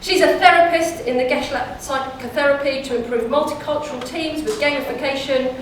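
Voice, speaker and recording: Event host: high-voiced woman, upbeat announcer, echoey distant hall, faint ambience. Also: slight background noise. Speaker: event host introducing speakers. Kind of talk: formal speaker introduction. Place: conference hall.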